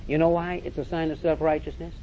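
A man's voice: fairly high pitch, level tone, quick pace, a little hiss or hum. A man preaching a sermon, emphatic and direct, repeating phrases and calling listeners to listen. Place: church or meeting hall with audience. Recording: dull lo-fi recording.

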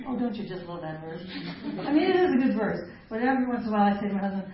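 A woman's voice: mid-range voice, animated, very fast. A middle-aged woman leading a women's ministry talk, chatty and self-mocking, laughing often between points. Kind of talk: live talk to a women's group. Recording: echoey hall, distant mic, dull lo-fi sound, faint noise.

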